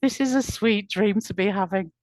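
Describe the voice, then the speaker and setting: A woman's voice: medium pitch, moderate pace, darkish tone, no echo, clean studio sound, natural voice. A woman voicing a footsore old male tramp who sounds tired and drowsy as he protests.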